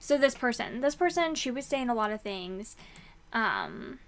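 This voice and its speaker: A young woman talks through her reading month in a loose, chatty way, circling back and restarting her thoughts. Her voice sits a little high and she fills the pauses with ums. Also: very animated, fairly bright tone. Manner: chatty, rambling, lots of fillers and restarts. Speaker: book vlogger. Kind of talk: casual book review chat.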